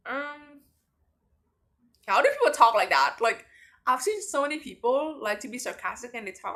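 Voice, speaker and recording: Young woman, late-night vlog, bright tone, rambling with many fillers, sleepy. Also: a little high, very animated, moderate pace. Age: young adult. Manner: rambling, filler-heavy talk with many likes. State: sleepy, tired. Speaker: vlogger.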